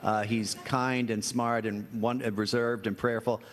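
Man, sixties, priest guest, anecdotal, self-deprecating, chuckling, mid-pitched. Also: level tone, a little slow. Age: 60s. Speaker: priest guest on a comedy quiz show. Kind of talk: storytelling interview answers.

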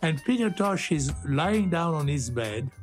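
Older male guest, former broadcaster, jokey and animated, bouncy pitch. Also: unhurried, faint music behind. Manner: animated, playful, joking. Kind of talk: casual chat.

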